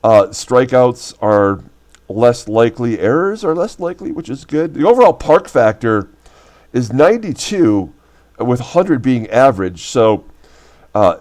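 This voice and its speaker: A man hosting a baseball replay channel, talking casually with a deep, rough voice from a recent illness and lots of fillers. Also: very animated, measured pace, a little mellow. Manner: loose, rambling, full of fillers. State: deep sick voice recovering from illness. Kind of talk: casual game commentary.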